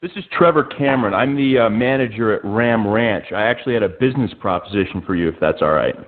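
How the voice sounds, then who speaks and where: A man calling into a radio show, making a hesitant, salesy pitch. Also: expressive, quick pace. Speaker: caller. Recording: tinny phone line.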